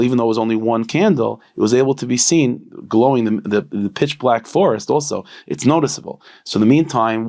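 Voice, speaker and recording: Gravelly-voiced man telling a story. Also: on the low side. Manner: conversational, many fillers and restarts, lively voiced quotes. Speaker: storyteller rabbi. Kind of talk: casual spoken storytelling.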